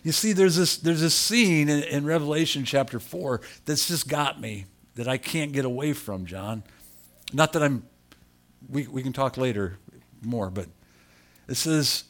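An older man preaching a sermon, telling a personal story in an animated, emotional, self-deprecating way. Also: medium pitch, unhurried.

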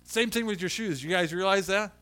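In a high-pitched voice and at a slightly fast pace, a middle-aged man preaches a storytelling sermon as pastor. He's animated throughout, taking on the voices of the figures in his stories.

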